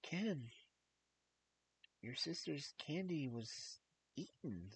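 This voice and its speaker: A man's voice: a little high, sing-song, drawn-out words, slight background noise, voice pushed up, full character voice. Man voicing a young woman babysitter. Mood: uneasy.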